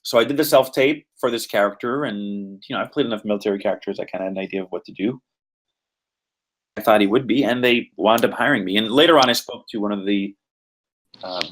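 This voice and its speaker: A man from Quebec, an actor talking through his roles in a rambling podcast interview full of fillers. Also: medium pitch. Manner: rambling, animated, many fillers. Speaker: voice and motion capture actor.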